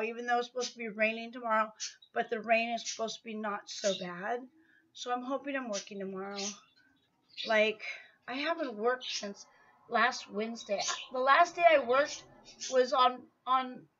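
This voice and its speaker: A woman's voice: on the high side, fairly bright tone, dull audio. A woman chatting in a casual vlog update while pedaling an exercise bike at home, slightly out of breath and rambling with many fillers. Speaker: vlogger.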